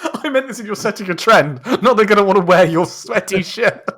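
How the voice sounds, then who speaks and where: A man's voice: high-pitched, expressive, fairly quick, a bit bright. A young man co-hosting a podcast, teasing his friend in casual banter. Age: young adult. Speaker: podcast co-host. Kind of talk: casual chat.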